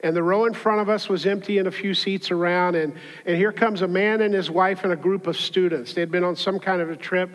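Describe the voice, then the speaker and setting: In a church auditorium with long hall reverb, a male pastor with a high, light voice preaches a bit fast with fairly even intonation and hardly any pauses. He blends scripture with a funny personal story, speaking conversationally and slipping into little character voices.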